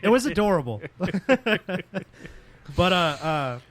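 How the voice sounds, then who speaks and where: A man in his twenties co-hosting a podcast, telling a story in a rambling, halting way. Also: high voice, sing-song, no room sound. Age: 20s. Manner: rambling, halting, with many fillers. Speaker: podcast co-host. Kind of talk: casual storytelling chat.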